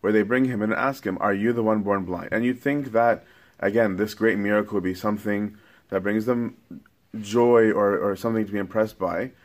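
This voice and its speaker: A man's voice: lowish voice, fairly even intonation, normal speed. A man teaching scripture in a casual, conversational sermon, often tagging his points with "right?". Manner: casual, keeps checking in with "right?". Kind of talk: conversational Bible-study sermon.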